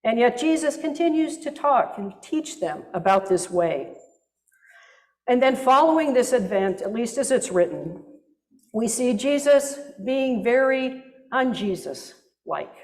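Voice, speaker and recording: Woman pastor, sermon; higher voice, very slow and deliberate, reflective with wry asides; echoing church hall. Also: very animated, darkish tone.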